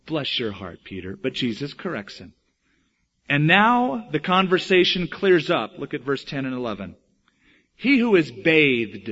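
Animated male preacher, dull recording. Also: a little high, husky. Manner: animated storytelling, acting out quoted voices. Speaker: pastor. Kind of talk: sermon.

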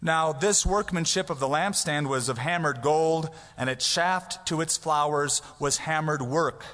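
A man preaching a sermon in a church sanctuary, his voice a little higher than most men's. He talks in a conversational, animated way, sometimes acting out prayers. A long reverb hangs in the hall around him. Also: a little slow. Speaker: pastor. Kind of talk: expository sermon.

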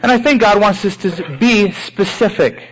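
A man preaching a sermon, animated, acting out sample prayers in raised voices. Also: sits high, normal speed, husky. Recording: dull lo-fi recording.

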